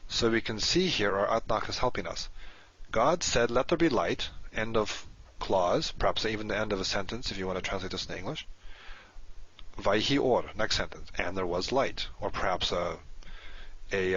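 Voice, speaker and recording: Low husky man teaching slowly. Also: a bit bright. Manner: patient, explanatory, slows to spell out words. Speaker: Hebrew teacher. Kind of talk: recorded lesson. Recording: dull lo-fi recording.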